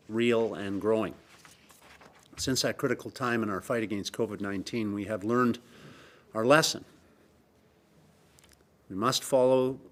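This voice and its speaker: A middle-aged man with a Canadian accent, giving a measured, emphatic government press briefing statement with frequent pauses. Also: fairly low pitch. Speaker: provincial premier.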